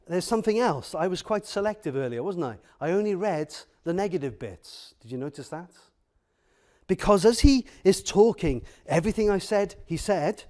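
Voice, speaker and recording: Slow, high-voiced preacher giving a sermon. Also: male voice, a little mellow. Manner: earnest, builds with repeated phrases; speaks directly to the congregation with questions. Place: church.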